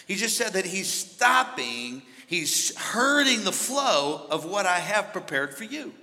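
A man preaching a sermon as pastor, moving between hushed storytelling and shouted exhortation. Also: high-pitched, very animated, measured pace, long reverb tail. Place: large church.

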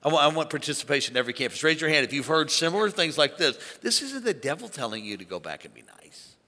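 A man preaching an animated sermon to a church congregation, calling on them to shout along. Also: fairly high pitch, fast. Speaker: pastor. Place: large church auditorium. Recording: long hall reverb.

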